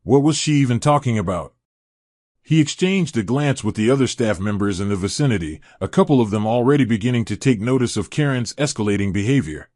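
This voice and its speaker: A man's voice: fairly low pitch, expressive, fast talker, few pauses, darkish tone, no room sound. Man narrating a story, dry close sound.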